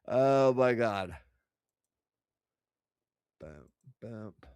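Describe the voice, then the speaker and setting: A man's voice: mid-range voice, expressive, very slow, a little mellow, clean tone, no echo. A man streaming live, chatting casually with profane, rambling asides at his desk microphone.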